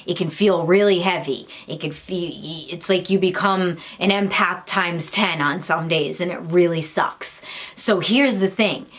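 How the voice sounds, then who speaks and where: Speaking unhurriedly in a fairly low voice, this young spiritual vlogger chats to camera about spiritual awakening. She's blunt, curses a lot, laughs along the way, and now and then mimics the voices of the people she quotes.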